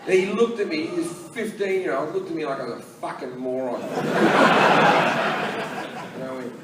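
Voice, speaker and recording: An Australian man doing a crude stand-up comedy routine, telling stories that swing between low mutters and loud outbursts, recorded live at a comedy club. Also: animated, moderate pace. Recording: live club set from far off, echoey, loud crowd and noise.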